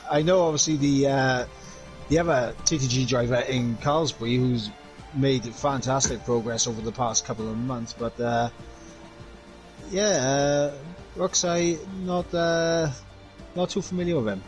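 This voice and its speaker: A man's voice: medium pitch, measured pace, faint music behind, low-quality recording. Hesitant male esports co-commentator. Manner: hesitant, many "uh"s. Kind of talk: live pre-race commentary.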